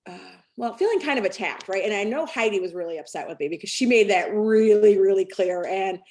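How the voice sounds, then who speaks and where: A woman's voice: mid-range voice, a little fast, darkish tone. A woman, a sales team director, telling a rambling personal story on a team call, full of fillers and restarts.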